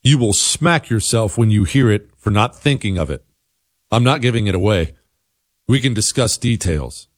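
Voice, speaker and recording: A male radio talk show host reading listener email aloud, with wry, sarcastic asides and lively commentary. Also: on the low side, moderate pace, no echo, studio quality.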